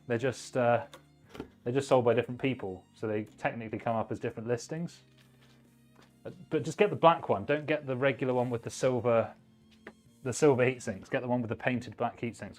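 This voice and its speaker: A man's voice: mid-range voice, darkish tone. A man hosting a live stream, chatting casually and giving blunt hardware advice while he works on a build. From United Kingdom. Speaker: livestream host, PC builder.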